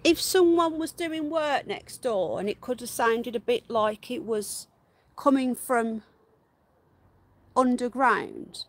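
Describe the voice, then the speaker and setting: A woman's voice: a little high, takes it slowly. A woman, chatting casually on a live stream from her garden and cooing to her pet rabbits in baby talk. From England. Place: outdoor garden.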